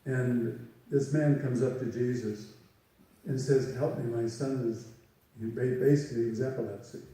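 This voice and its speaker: A man, a priest, giving a sermon with slow, measured preaching and emphatic rises. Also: mid-range voice, steady tone, mellow. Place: large church. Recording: echoey church heard from a distance.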